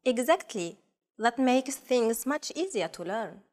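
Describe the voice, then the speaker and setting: A woman co-hosting a language lesson, speaking slowly and enunciating carefully as she models words for listeners to repeat. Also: on the high side, expressive, a little mellow. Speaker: co-host modeling pronunciation.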